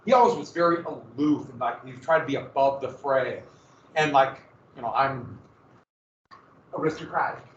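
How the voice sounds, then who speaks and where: A man's voice: mid-range voice, a little fast, a little hiss or hum. Male history teacher, dramatic, far off. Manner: vivid dramatic storytelling with sudden loud bursts. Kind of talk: classroom lecture. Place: classroom. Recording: echoey, dull classroom recording from afar.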